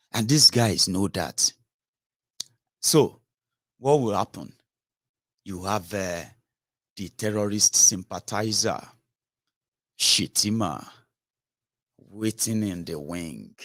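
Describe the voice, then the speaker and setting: A man delivers political commentary with a scolding, emphatic drive, pressing his listeners with rhetorical questions. His voice sits a little low. The sound is dry and close, with no room around it. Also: fairly bright tone, no echo.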